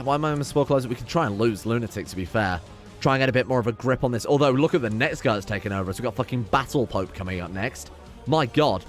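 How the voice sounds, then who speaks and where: A young man casually commenting on his strategy game, reading event text aloud, wry and swearing now and then. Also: mid-range voice. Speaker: game streamer. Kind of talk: casual let's play commentary.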